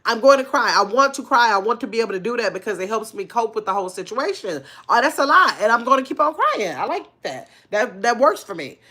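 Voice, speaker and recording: A woman's voice: a little high, sing-song, quick pace, few pauses. A middle-aged woman, hosting a casual livestream, reading viewers' comments aloud and answering them in a chatty, heartfelt way. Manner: warm conversational, reads chat aloud, frequent fillers. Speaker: livestream host.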